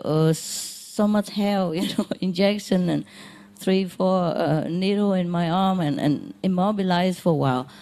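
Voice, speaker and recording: Woman, spiritual teacher, informal talk, mellow tone, simple broken English, laughs a lot. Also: on the low side. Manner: chatty, laughs often, repeats phrases, talks directly to listeners.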